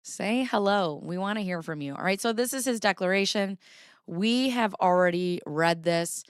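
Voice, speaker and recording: A woman's voice: medium pitch, normal speed, clear, resonant tone, no echo, studio quality. A woman hosting a livestream, chatting with viewers and reading legal documents aloud, giggly and chatty. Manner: giggly, chatty, talks to chat. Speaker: livestream host.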